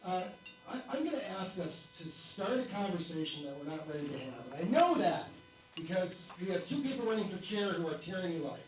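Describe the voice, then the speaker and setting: A man's voice: high voice, sing-song, brisk, soft background music. A man from Wisconsin speaking as a delegate in a floor debate, impassioned and combative. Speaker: convention delegate. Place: convention hall. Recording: echoey hall, distant mic, faint noise.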